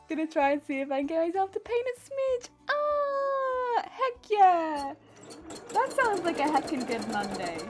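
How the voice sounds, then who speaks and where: A woman streaming from home, chatting casually with viewers while crafting; she giggles often and answers chat playfully. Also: high-pitched. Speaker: livestreamer.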